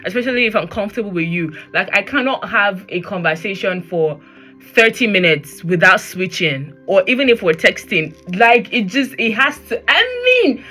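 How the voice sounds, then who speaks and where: A woman's voice: medium pitch, normal speed, faint music behind. A woman with a Nigerian accent hosting a casual solo podcast, talking animatedly and slipping into pidgin. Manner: animated, switches into pidgin, laughs often. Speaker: podcast host. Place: Germany.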